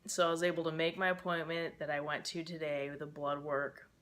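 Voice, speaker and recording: A woman's voice: sits low, level tone, a little fast, fairly bright tone. A young woman talking to camera in a casual personal vlog, rambling and emotional with many fillers, stressed and frustrated. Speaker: vlogger.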